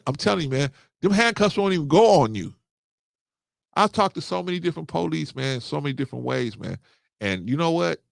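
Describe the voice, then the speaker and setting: With a gravelly voice on the high side, a male podcast host aged thirty or older animatedly tells a story in a casual talk. He quotes others and keeps repeating "man" and "right?" The studio sound is clean, with no room sound.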